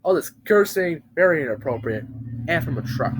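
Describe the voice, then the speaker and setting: Deadpan man narrating a parody horror story. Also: mid-range voice, slight background noise. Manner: mock-serious, deadpan, dramatic pauses.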